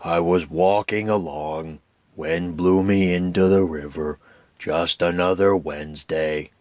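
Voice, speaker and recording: A man voicing a gloomy old male donkey in a low, mopey, slow voice. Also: fairly even intonation, darkish tone, dry recording.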